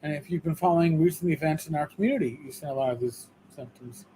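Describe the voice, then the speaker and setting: Emphatic New York male co-host, high voice, faint noise behind. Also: fast talker, mellow, rough recording. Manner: emphatic, repeats and restarts words. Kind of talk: casual livestream discussion.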